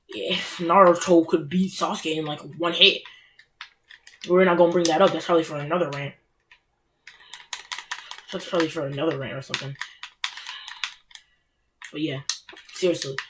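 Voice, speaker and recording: A woman's voice: mid-range voice, fairly bright tone, slight background noise. A young woman ranting casually and with exasperation, full of filler words and mocking quotes. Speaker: anime ranter. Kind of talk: casual rant.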